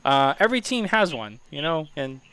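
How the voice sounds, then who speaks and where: This is a man co-hosting a relaxed talk show in a casual, animated way. His voice sits a bit high for a man, and he laughs and teases easily. A faint hiss runs under the recording. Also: moderate pace. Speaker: podcast co-host. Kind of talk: casual chat.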